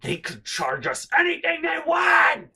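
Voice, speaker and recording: Shrill screaming mom yelling nonstop, a guy putting her on, real bright. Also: wildly swooping pitch, a little slow, vocal fry, full character voice. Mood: shrieking. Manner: screaming, relentless scolding. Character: shrieking nagging middle-aged mother.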